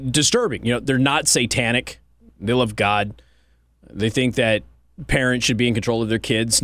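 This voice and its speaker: A man hosting a satirical monologue, deadpan and mock-serious with casual fillers. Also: medium pitch, no room sound, clean studio sound. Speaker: host.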